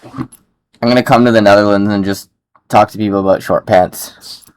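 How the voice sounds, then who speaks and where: A man's voice: on the low side, fairly even intonation, moderate pace, clear, resonant tone, no room sound. A man streaming while he codes, chatting casually with jokes, keyboard typing behind him. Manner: joking, laid-back. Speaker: streamer coding live. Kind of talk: casual chat while coding.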